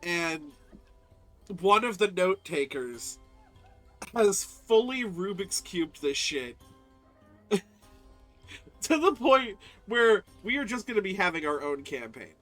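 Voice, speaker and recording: Male player, high and bright voice, animated, foul-mouthed banter. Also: slow pace, long pauses, soft background music. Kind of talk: casual tabletop game chat.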